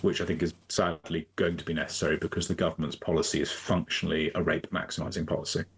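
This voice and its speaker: A man's voice: extremely low pitch, level tone, fast, husky. A man giving emphatic political commentary as a guest on a talk show, often repeating words as he starts.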